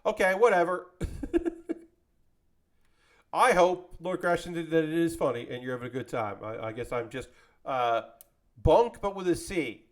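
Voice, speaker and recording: A man with a fairly high voice speaks a little slowly, with long pauses, as he builds a model kit on a live stream. He chats casually with his audience, rambling, animated, and joking as he talks to chat.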